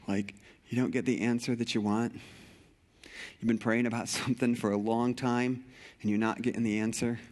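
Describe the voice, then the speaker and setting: A middle-aged male pastor preaching a sermon with passion, repeating phrases and often restarting sentences. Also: medium pitch.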